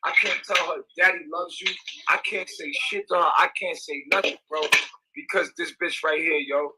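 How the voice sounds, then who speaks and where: A man's voice: fairly high pitch, fairly even intonation, moderate pace, bright, forceful tone, breathy edge, poor audio. A young man, ranting in an agitated, repetitive, profane livestream monologue.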